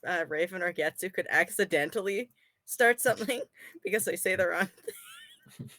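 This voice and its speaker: A woman's voice: lowish voice, expressive, normal speed, a bit bright, no room sound. A woman playing in a tabletop game, chatting casually with small restarts. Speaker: player.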